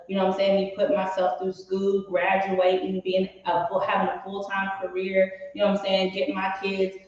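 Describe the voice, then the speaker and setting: A woman's voice: mid-range voice, darkish tone. A woman in her late twenties speaks with emphatic, candid conviction, often checking in with "you know what I'm saying". She sounds far from the mic in a very echoey room, and the audio is dull and lo-fi. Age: late 20s. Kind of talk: candid casual chat.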